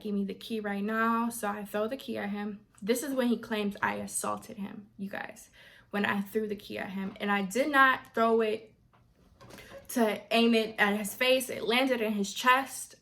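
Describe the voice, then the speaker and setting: A young adult woman vlogger telling a story in a casual, animated way and acting out what others said. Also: mid-range voice, normal speed, vocal fry. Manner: animated, quotes others in voices.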